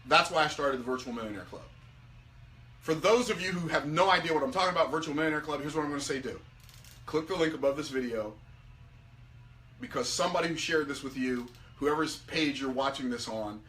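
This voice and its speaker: Bright, energetic man pitching. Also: fairly quick. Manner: energetic, repetitive, restarts often. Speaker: business coach. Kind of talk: live video pitch to members.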